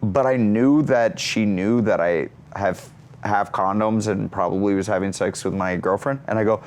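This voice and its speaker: A man in his thirties, a comedian guest, telling a funny story in an energetic, animated way. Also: on the low side, moderate pace. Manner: energetic, acts out characters.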